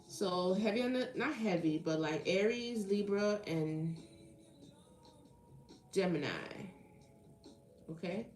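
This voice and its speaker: A woman's voice: mid-range voice, takes it slowly, pauses often, a little mellow. A woman hosting a live tarot stream, chatting playfully with viewers and reading their comments aloud. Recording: echoey room with faint music behind. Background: faint background music.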